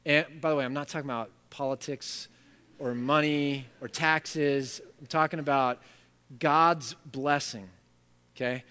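A man preaches a sermon in a high voice, animated and emphatic. He tells stories casually and leans hard on key words. His voice carries a long reverb in a hall. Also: unhurried, smooth. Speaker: pastor.

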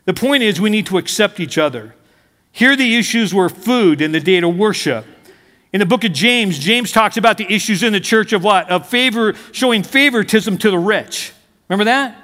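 High-voiced man preaching in a hall. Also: animated, moderate pace, sharp tone. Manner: conversational, anecdotal preaching with asides. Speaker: pastor. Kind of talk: sermon. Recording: hall reverb.

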